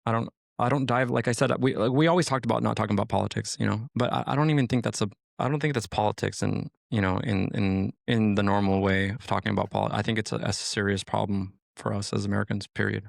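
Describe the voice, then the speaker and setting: A man with a lowish, gravelly voice talks on a podcast in a loose, rambling way. He leans on "like" and "you know" and swears freely. The sound is close and dry. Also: fairly even intonation, fast talker, hardly any pauses, no room sound. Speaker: podcast co-host, sheriff's deputy. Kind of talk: casual podcast chat.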